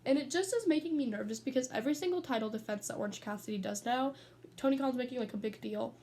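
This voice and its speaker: Chatty and easily sidetracked, this teen vlogger tells stories from her bedroom and swears without holding back. She talks fast in a slightly high, darkish voice. A little hiss or hum sits under the recording.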